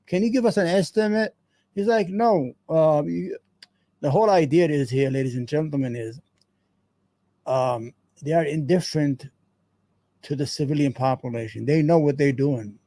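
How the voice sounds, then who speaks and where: A man's voice: a little high, moderate pace, mellow, dry recording. A man hosting a show, giving heated, profane, rambling commentary on a news clip. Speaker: show host.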